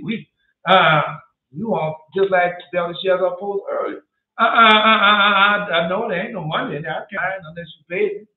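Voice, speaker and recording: A man preaching a sermon, reading scripture aloud and commenting on it in an emphatic, repetitive way with frequent restarts. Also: high-pitched. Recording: echoey, phone-like narrow sound.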